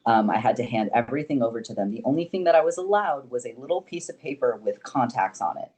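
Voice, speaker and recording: A young man, a podcast guest, telling stories in casual chat, animated and swearing freely. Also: mid-range voice, fast talker. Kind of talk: casual storytelling.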